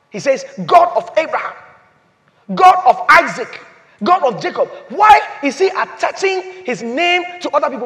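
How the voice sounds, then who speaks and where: A man preaching a sermon as pastor, repeating phrases and swinging from loud declarations to hushed, slow emphasis. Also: extremely high pitch. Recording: long hall reverb.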